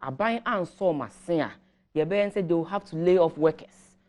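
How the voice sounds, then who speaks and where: Ghanaian woman, lowish voice, measured policy explainer on a morning show, switches Twi and English. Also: a little mellow. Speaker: government guest commentator.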